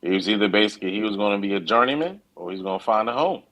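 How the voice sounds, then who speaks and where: A man's voice: on the low side, animated, very fast, a bit bright, rough recording. Defensive man talking over others. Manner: defensive, interrupts with repeated restarts. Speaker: show co-host. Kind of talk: casual sports debate.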